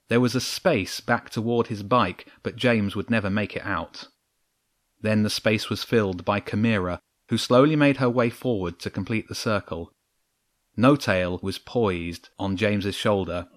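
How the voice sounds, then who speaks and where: A man with a fairly low voice narrating a storybook, steady and measured in his delivery. He reads scripted prose with even control through the action. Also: dry recording, studio quality.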